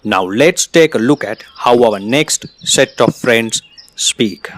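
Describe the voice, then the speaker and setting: A man whose first language is Spanish, narrating an English lesson in a lively explanatory tone. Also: medium pitch, slow pace. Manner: lively explanatory tone, slightly non-standard grammar. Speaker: English teacher. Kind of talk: scripted narration.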